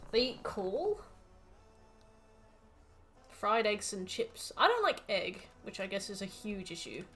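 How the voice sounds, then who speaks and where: A streamer with an English accent and a medium-pitched, sing-song, slightly bright voice talks slowly over faint background music. She chats casually while playing a game, reading out ingredients and going on jokey rants with some swearing.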